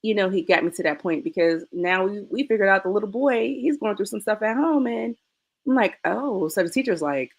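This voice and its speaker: A woman's voice: medium pitch, expressive, a little fast. A woman in her thirties, a podcast guest, speaking earnestly and reflectively. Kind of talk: casual podcast chat.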